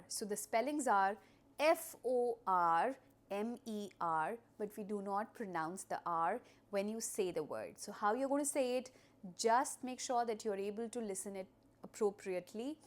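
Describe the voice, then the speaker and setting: A woman gives a recorded vocabulary lesson to young pupils. She explains each word through repeated everyday examples and leads call-and-response drills. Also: mid-range voice. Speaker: English teacher.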